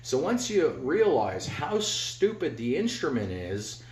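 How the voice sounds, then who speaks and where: A man's voice: fairly high pitch, sing-song, takes it slowly. A man giving a casual guitar lesson at home, talking bluntly and rambling, humming notes as he plays. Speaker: guitar teacher. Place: home garage. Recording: roomy, dull lo-fi with loud guitar. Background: electric guitar playing.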